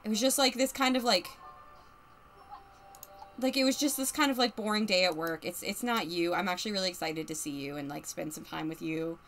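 A woman's voice: on the high side, expressive, moderate pace, long pauses, fairly bright tone, faint music behind. A woman voicing a flustered young woman in a life-simulation game, stammering and repeating herself as she apologizes. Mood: apologetic.

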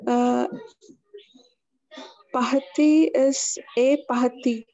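Woman, French learner, hesitant, slow-talking, muffled lo-fi audio. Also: sits high, steady tone, warm tone. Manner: hesitant, searching for words. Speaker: French student. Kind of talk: hesitant lesson practice. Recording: dull lo-fi sound.

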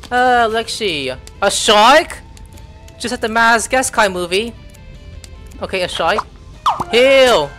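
Young male gamer, unhurried delivery with sudden excited shouts, light music underneath. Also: sits high. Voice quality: excitable, reads game text aloud haltingly. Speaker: gameplay streamer. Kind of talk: casual game commentary.

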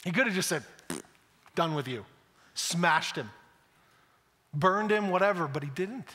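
In an echoey church hall, a pastor preaches in a high, bright, forceful voice at a normal speed. His sermon feels conversational, as he performs quotations and often repeats himself.

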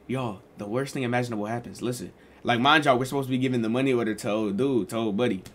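A man's voice: mid-range voice, quick pace. A young man casually telling a storytime vlog in loose, slangy talk with lots of fillers. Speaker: streamer and vlogger.

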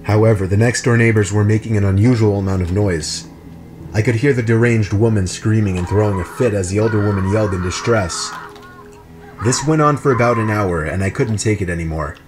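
A man reading true horror stories aloud in an even, measured narration. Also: on the low side, noisy background. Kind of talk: scripted narration.

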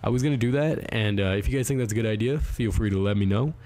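A man's voice: fairly low pitch, quick pace, darkish tone. A teenage boy vlogging, talking bluntly and informally to his viewers. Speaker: YouTube vlogger. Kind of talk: casual to-camera rant.

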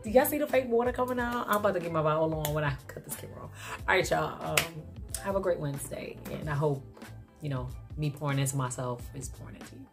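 A young woman talks straight to her camera in a loose, slangy vlog chat, candid and open about her feelings. Her voice sits low for a woman. Faint music plays underneath. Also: lively intonation, fast talker. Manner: candid, emotional, slangy and chatty. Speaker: vlogger.

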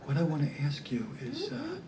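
A drowsy, low-voiced therapist murmurs his questions in a near-whisper, full of hesitant uhs and trailing pauses, as a man puts him on on stage. His voice sits deep and quiet, as if he can barely be bothered to speak up. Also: wildly swooping pitch, distant mic, noisy background. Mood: soothing. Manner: slow, hesitant, lots of uh. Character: sleepy hushed male therapist in a dark room.

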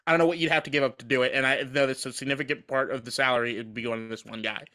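A man's voice: mid-range voice, racing. A man co-hosting a casual sports podcast, swearing freely and laughing as he riffs. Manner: profane, animated, laughs often. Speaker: podcast co-host.

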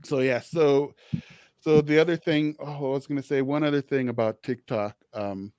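With a steady, darkish, medium-pitched voice at normal speed, a podcast host and social worker has a casual interview chat with his guest. His speech is conversational, with many restarts and "you knows," and there's no echo.

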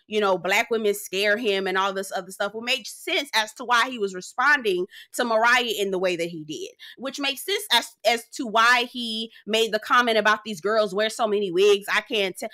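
A woman's voice: medium pitch, moderate pace, few pauses, sharp tone. A woman giving a sassy, blunt, profane casual recap of a reality show, calling her viewers girl. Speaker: reality TV reviewer.

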